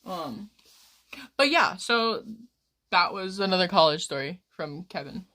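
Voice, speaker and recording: Crude, rambling woman streamer, lowish voice. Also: expressive, a little slow, sharp tone. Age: 20s. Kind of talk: casual chat.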